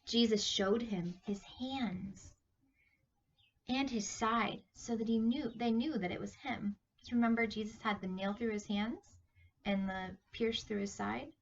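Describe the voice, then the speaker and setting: A woman teaching Sunday school, reading a Bible story to children in an animated, questioning way. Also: fairly high pitch, a little slow, distant mic, dull audio, slight background noise. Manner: animated, questioning, talks to kids directly.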